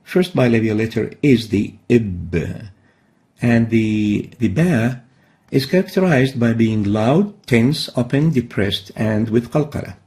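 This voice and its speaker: Speaking at a medium pitch with an expressive, dark tone, a man leads a recorded Quran recitation lesson. He takes his time, explaining patiently and modeling every sound slowly and carefully.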